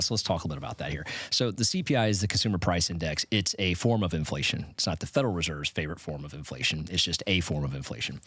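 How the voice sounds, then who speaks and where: A man with a low, deep voice hosts an educational finance podcast in a loose, conversational way, restarting sentences now and then. He sounds close to the mic in a dry, dead room. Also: fairly bright tone, no echo. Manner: conversational, stumbles and restarts, chuckles at points. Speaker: podcast host. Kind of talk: casual educational monologue.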